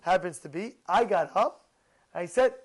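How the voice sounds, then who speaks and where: A man, a rabbi, giving an animated storytelling Torah talk, repeating his phrases and mixing in Hebrew terms. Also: high voice, a little slow, poor audio.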